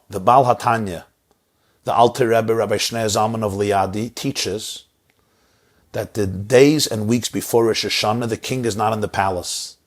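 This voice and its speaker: A man telling a story as a sermon, dramatic and repetitive in his phrasing. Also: lowish voice. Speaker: inspirational speaker.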